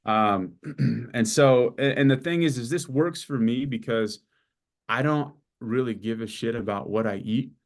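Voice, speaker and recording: Man, 40s, casual interview chat, lively storyteller, curses a lot. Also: medium pitch, a little slow. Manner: animated storyteller, acts out dialogue, swears freely. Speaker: client giving a testimonial.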